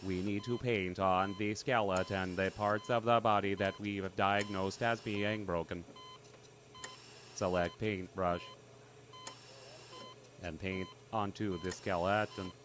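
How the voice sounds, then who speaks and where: Man doing odd unnatural voice, deadpan tutorial host, lowish pitch, comedy sketch. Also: a little hiss or hum. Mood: deadpan instructive. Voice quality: strange unnatural voice. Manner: flat, measured tutorial delivery.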